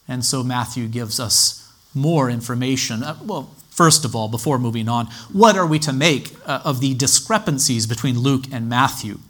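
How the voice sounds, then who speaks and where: A man teaching a sermon in a measured, explanatory way, citing scripture references as he goes. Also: medium pitch, fairly bright tone. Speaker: Bible teacher.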